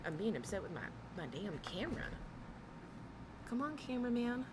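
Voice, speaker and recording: A woman's voice: medium pitch, very animated, normal speed, pauses often, heavy background noise. A woman in her thirties, a reaction streamer chatting casually with her live viewers, laughing often as she greets them. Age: 30s. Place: home room with air conditioner humming.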